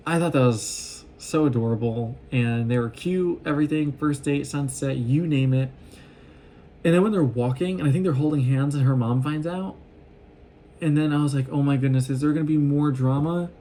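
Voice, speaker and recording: A man casually recapping a show in an excitable, rambling way, often acting out what the characters say. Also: fairly high pitch, normal speed. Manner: excitable, gushing, acts out quoted lines. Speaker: vlogger recapping an anime.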